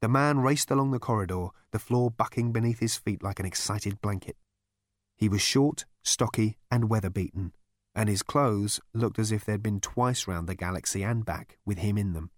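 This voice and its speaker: A man narrating an audiobook in an expressive storytelling manner. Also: fairly low pitch, normal speed, dry recording, clean studio sound. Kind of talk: scripted narration.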